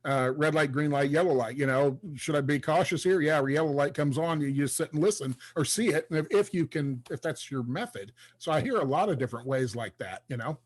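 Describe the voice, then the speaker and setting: A man hosting a podcast who tells long, rambling stories, padding them with fillers. His voice is fairly high for a man. The tone is casual and conversational. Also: lively intonation, brisk, few pauses. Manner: rambling storyteller, many fillers. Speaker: podcast host.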